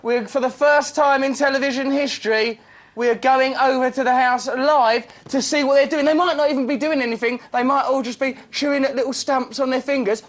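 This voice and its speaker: A man hosting a live TV chat show, full of cheeky, quick-witted banter. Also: very high voice. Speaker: host. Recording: studio with music and audience.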